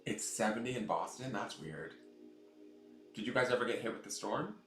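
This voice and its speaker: A man with a lowish voice chats casually on his tarot live stream, answering viewers by name. The room sounds echoey, and faint music plays in the background. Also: lively intonation, moderate pace. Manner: coos in a high baby voice to his new cat.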